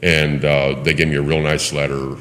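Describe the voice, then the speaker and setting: A man preaching, telling a personal story with lively acted-out voices and occasional laughter. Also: rumbling low, moderate pace. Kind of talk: sermon storytelling. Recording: long hall reverb.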